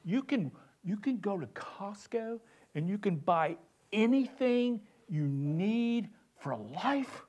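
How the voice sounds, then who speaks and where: An awestruck, sincere French tourist put on by a man whose fake French accent keeps sliding into Italian and New Jersey. The voice sits a little high, and the words come slowly, with wonder. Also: lively intonation, a little mellow, slight background noise. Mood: amazed. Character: excited male French tourist, sincere and amazed.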